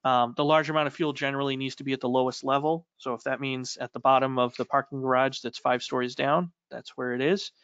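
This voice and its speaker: A man with a New England accent co-hosting a technical webinar, speaking haltingly with many fillers and restarts. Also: mid-range voice, little pitch movement, fairly bright tone, clean tone, dry recording. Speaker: webinar co-host. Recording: slightly dull dry audio.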